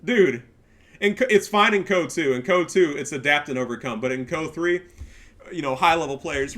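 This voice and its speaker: A man ranting in game commentary, sarcastic and profane, swinging up into shouts. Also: a little high, normal speed. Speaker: gaming video creator.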